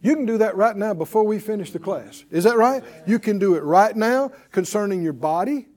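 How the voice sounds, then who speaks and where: A man with a drawl leads a Bible class in a high, bright voice. He talks in a folksy, emphatic way and stops to have his class repeat lines back to him. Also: expressive, brisk. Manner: folksy and emphatic, laughing often, acts out quotes. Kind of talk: preaching a Bible class with call and response.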